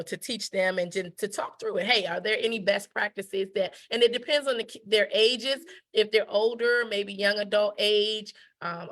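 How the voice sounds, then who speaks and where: An emphatic woman talks through etiquette in a relaxed teaching style. She repeats her main points, keeps asking "right?", and drops into short acted-out voices when she quotes someone. Her pitch sits in an ordinary middle range. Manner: emphatic, repeats key phrases, asks "right?"; acts out quoted speech. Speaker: etiquette educator. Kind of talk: conversational teaching talk.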